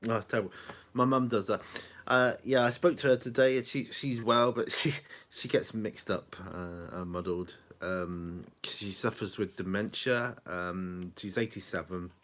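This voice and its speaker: A man's voice: fairly low pitch, fairly even intonation, moderate pace, a bit bright. A middle-aged man chatting casually to camera at home, rambling, chuckling and losing his thread. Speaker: vlogger. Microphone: camera on a small tripod.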